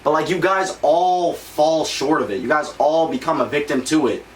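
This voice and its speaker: A man's voice: a little high, moderate pace. A young man co-hosting a podcast, talking frankly in a rambling way with many fillers. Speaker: podcast co-host. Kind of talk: casual chat. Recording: echoey room, distant mic, faint noise.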